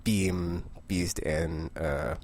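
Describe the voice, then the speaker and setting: A young man chatting casually about the comics he picked up this week, rambling with asides and short laughs and acting out the characters in quick voices. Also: deep voice, fairly even intonation, a little mellow, a little hiss or hum. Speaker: comic book vlogger. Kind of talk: casual comic book review.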